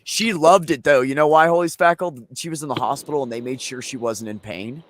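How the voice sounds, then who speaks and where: A man's voice: mid-range voice, fairly quick. A man hosting a casual chat show, telling long rambling family stories with plenty of swearing. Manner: profane, rambling anecdotes. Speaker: show host.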